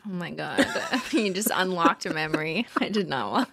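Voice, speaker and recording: Playful woman with a lowish voice. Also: lively intonation, moderate pace, creaky, a bit bright, husky. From Canada. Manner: playful, giggly, chatty. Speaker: podcast co-host. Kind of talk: casual podcast chat.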